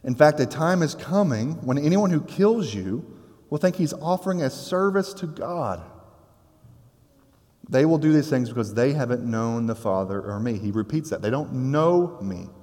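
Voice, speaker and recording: A man preaching a sermon in a conversational, animated way, with casual asides to his listeners. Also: mid-range voice, normal speed, in a large hall. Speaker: pastor.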